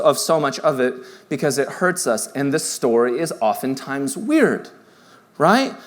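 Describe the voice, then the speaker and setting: Earnest high-voiced male pastor preaching. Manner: earnest and conversational, with emphatic build-ups and quiet soft-spoken passages. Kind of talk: sermon. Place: church sanctuary.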